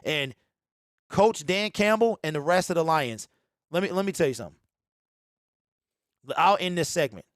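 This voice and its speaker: Excitable sports host, high-pitched, dry close mic, casual live-stream riffing. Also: male voice, normal speed, long pauses, no room sound. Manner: excitable, repeats himself, mocks fans in a mimicking voice.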